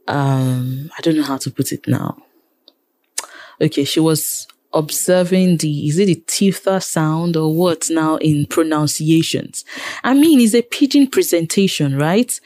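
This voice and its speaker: A woman's voice: deep voice, a little mellow. A Nigerian woman, a radio producer and presenter, speaking frankly in an interview, exasperated when she complains about her industry.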